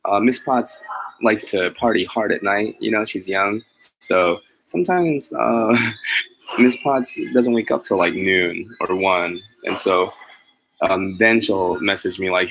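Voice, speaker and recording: In a poorly recorded clip, a mobile pet groomer vlogger with a lowish, somewhat bright voice takes his time as he chats casually to viewers watching live. He's rambling and self-deprecating, laughing frequently and stumbling through fillers and restarts.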